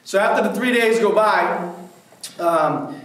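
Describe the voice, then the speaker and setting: A man's voice: high voice, a little slow, a bit bright. A man who works in prison ministry tells stories to a church men's group in a casual, rambling way full of fillers. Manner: casual, filler-heavy, with many "like"s. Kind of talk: storytelling talk to a church group. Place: church hall. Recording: very echoey hall, mic far off.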